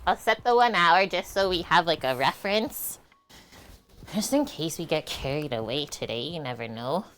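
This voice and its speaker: A woman's voice: deep voice, lively intonation, moderate pace, a bit bright, faint music behind. A woman streaming while she cooks, chatting casually with viewers, answering their comments and laughing often. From Canada. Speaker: cooking streamer. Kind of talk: casual livestream chat while cooking.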